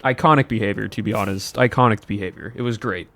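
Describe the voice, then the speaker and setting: A man's voice: fairly low pitch, fast talker, a bit bright. A man streaming and chatting casually to his viewers, rambling with many restarts and chuckles.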